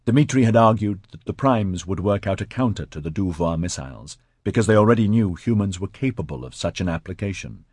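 A man reading a science fiction audiobook in a measured, even narration. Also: sits low, breathy edge, no room sound, studio quality. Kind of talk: scripted narration.

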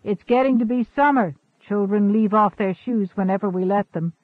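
Male reader as a steadfast Quaker farmer, courteous and calm, old-fashioned speech, phone-thin sound. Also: high-pitched, moderate pace, dry recording, phone-quality sound, lightly acted. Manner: calm, courteous, archaic thee-and-thou speech.

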